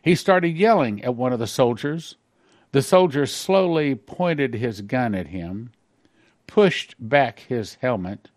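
A man pastor reading out a dream account and commenting on it in a sermon, slowing on key phrases and breaking into quick asides. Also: mid-range voice, dry recording, studio quality. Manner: reads slowly, then comments in a quick aside.

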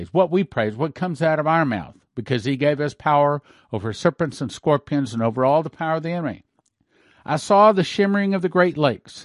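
A man's voice: mid-range voice, no echo. Male preacher with a close, dry voice. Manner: reads dream accounts aloud, then comments with asides. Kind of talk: sermon reading and commenting on dreams.

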